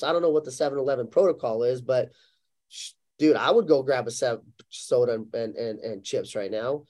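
A man's voice: mid-range voice, fairly quick. A man chatting casually on a podcast, telling stories animatedly with lots of fillers. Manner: animated storyteller, acts out quotes, lots of fillers. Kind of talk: casual chat.

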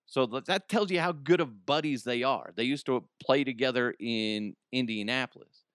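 At a moderate pace, a podcast host with a medium-pitched, slightly bright voice rambles through a casual comedy monologue, cracking himself up along the way. The studio-quality audio has no echo.

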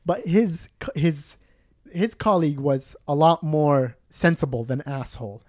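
A man's voice: fairly high pitch, measured pace, darkish tone, dry recording, studio quality. A young Palestinian man telling a story in casual chat, acting out voices, swearing and laughing often.

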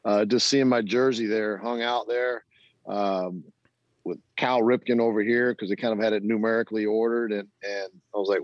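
The clip is dry and lo-fi, with no echo, and features a lowish-voiced middle-aged former baseball player at a moderate pace. As an interview guest he tells lively stories, acts out quoted voices and laughs frequently.

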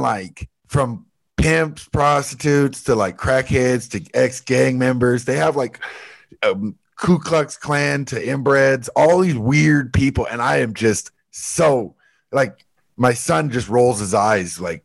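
Podcast co-host, man in his thirties, raspy and gravelly, joking and rambling. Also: mid-range voice, takes it slowly. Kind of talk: casual chat.

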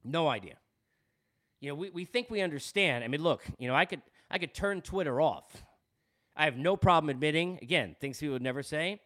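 Man, Long Island New York accent, podcast host, candid monologue, slightly high pitch, very animated intonation. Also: fairly quick. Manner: earnest and candid, often repeats words as he talks.

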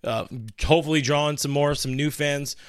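A man's voice: on the high side, fairly even intonation, a little fast, smooth, dry recording, clean studio sound. A man hosting a casual live stream, reading chat comments aloud and rambling through them with frequent restarts. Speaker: livestream host.

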